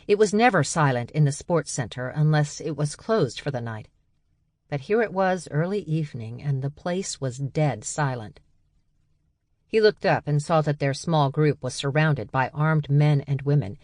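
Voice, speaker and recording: A woman's voice: deep voice, lively intonation, unhurried, a little mellow, no room sound. Woman reading an audiobook, dry sound. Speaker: audiobook narrator. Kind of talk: scripted narration. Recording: dry close studio sound.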